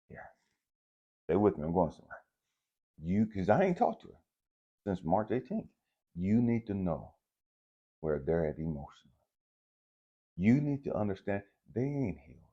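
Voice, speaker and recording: In dull audio, a spiritual vlogger with a low-sitting voice talks at normal speed, very animated and pausing often. His casual monologue is candid, profane and confessional, aimed right at viewers as he wrestles with forgiveness.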